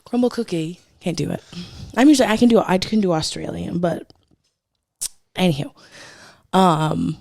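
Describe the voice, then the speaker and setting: A woman's voice: on the low side, normal speed, gravelly, long pauses, a little mellow, no room sound, clean studio sound. A woman co-hosting a podcast, telling a story in a chatty, gossipy way and swearing freely as she talks. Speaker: podcast co-host. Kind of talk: casual chat.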